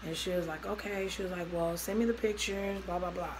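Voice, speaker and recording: A woman's voice: on the low side, fairly even intonation, fairly quick, noisy background. A young woman vlogging a personal story, talking loosely and acting out both sides of each conversation. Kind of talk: storytime vlog.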